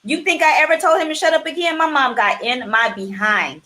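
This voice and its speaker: A woman in her forties who hosts a talk show and tells animated stories, acting out the voices she quotes. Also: sits high, fairly quick. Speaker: host. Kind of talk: casual conversation.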